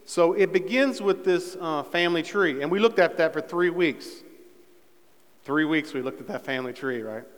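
Man, pastor, relaxed sermon, fillers, fervent peaks, smooth higher voice, long hall reverb. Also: normal speed. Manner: conversational preaching with fillers, rising to fervent emphasis.

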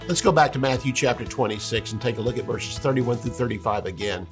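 A man's voice: medium pitch, fast talker, music in the background. A man teaching a sermon, retelling scripture in a conversational way with emphatic asides. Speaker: Bible teacher.

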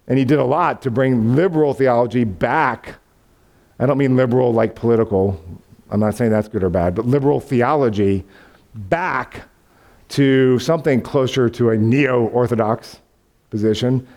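A man's voice: medium pitch, moderate pace. A man preaching a sermon, telling a story with animation and acting out voices of the people in it. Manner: animated storytelling, acts out voices of God and Abraham, laughs. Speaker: pastor.

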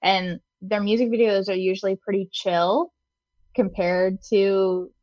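A woman's voice: mid-range voice, fairly even intonation, unhurried, dry recording, highs cut off. A woman in her thirties co-hosting a podcast in casual chat, laid-back and full of fillers. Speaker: podcast co-host.

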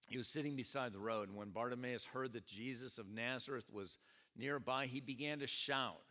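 A man pastor preaching a sermon at a church service, animated and questioning his congregation as he tells the story. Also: mid-range voice, moderate pace. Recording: echoey church hall.

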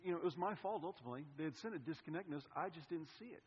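Animated pastor preaching in a hall. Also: male voice, fairly high pitch, racing, slightly rough. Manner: animated, swings between loud and hushed. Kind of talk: sermon with personal story. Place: church sanctuary. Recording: reverberant hall, dull sound.

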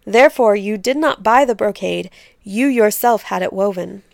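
A woman voicing a proud, brave young queen who gives sharp orders in a raised voice, in a storybook reading. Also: mid-range voice, moderate pace, gravelly, dry recording, studio quality, close to an everyday voice. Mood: commanding.

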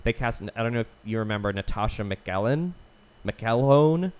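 A man with a somewhat low voice chats on a podcast, walking through a film's story in a relaxed, unpolished way. He swears freely and restarts his sentences often as he goes. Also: moderate pace, clear, resonant tone. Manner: loose, profane retelling of a plot with many restarts. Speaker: podcast co-host. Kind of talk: casual film chat.

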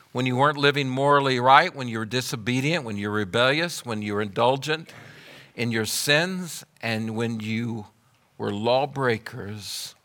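A male pastor preaching a sermon with emphatic, rhythmic repetition that builds to loud declarations. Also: mid-range voice.

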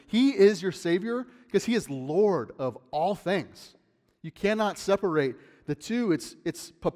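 A man's voice: on the high side, a little mellow, in a large hall. A male pastor preaching a sermon in a conversational style, with emphatic bursts.

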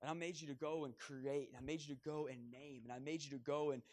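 A man speaking as a gentle, proud God. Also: fairly high pitch, steady tone, fast talker, lightly acted. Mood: earnest. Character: God the father, calm and proud.

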